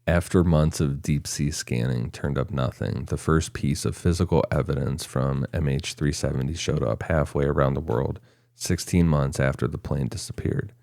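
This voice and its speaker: Man, very deep voice, dry close sound, reads notes casually with chuckles. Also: fairly even intonation, moderate pace, gravelly, a little mellow, no room sound. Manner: reads notes in long stretches, breaking into chuckles. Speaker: podcast co-host. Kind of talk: casual chat, reading research notes.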